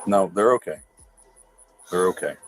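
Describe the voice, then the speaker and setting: A male police officer on duty, speaking calmly, politely and reassuringly. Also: low-pitched, a little slow, slight background noise, rough recording.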